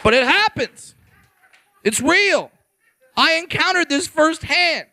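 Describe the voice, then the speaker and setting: A man performing a stand-up comedy set on stage with a handheld mic, brash and profane, jumping into higher voices when he quotes people. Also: expressive, takes it slowly, pushed and bright, some chatter behind, a little hiss or hum. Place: comedy stage before a live audience.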